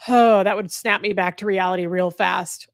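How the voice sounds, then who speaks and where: A woman hosting a livestream, talking candidly and earnestly to her viewers, halting and restarting her sentences. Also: medium pitch, steady tone, no echo, clean studio sound. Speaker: livestream host. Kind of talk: candid emotional talk to viewers. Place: indoor room with a fire.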